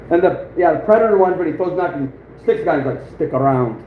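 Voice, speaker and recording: A man in his thirties rambles through a loose livestream chat, chuckling as he goes. His voice sits high for a man. The sound comes through thin and phone-like, with a roomy echo and a faint hiss. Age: 30s. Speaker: outdoors livestream host. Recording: phone-like echoey room with faint noise.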